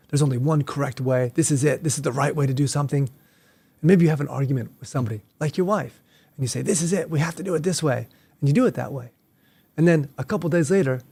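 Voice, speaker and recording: A man's voice: a little high, darkish tone, dry recording. Playful middle-aged male martial arts teacher. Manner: playful, joking asides. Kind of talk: casual explanatory talk.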